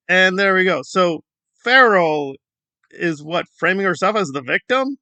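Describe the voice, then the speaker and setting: A man's voice: sits high, expressive, a little slow, bright, forceful tone, dry recording. A man hosting a sarcastic online commentary, scoffing and rambling through asides. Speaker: commentary channel host.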